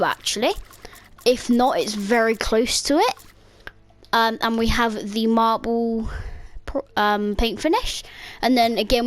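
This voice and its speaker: A woman casually talking through a gaming walkthrough, relaxed and hesitant, with fillers and quick self-corrections. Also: a little high. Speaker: gaming video creator.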